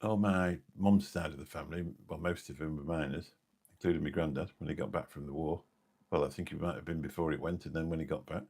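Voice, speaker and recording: A very low-pitched English man in his fifties with a gravelly edge and a husky, rough tone. He chats on a late-night live stream, wandering from point to point and losing his thread as he answers viewers. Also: steady tone, quick pace, darkish tone. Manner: rambling, forgetful, chatty, answers viewer comments. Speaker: live streamer and taxi driver.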